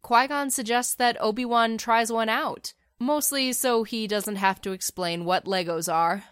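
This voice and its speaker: A woman's voice: a little high, measured pace, fairly bright tone, clean tone, dry recording, studio quality. A woman casually narrating a fan story in a chatty, wry way, with the odd filler.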